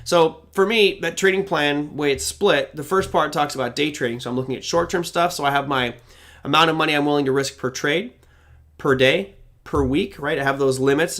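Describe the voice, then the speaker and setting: A man's voice: a little high, a bit bright. A middle-aged man hosting a live trading Q&A, casually explaining his approach and reading out viewer questions as he goes. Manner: conversational, explains while reading questions aloud.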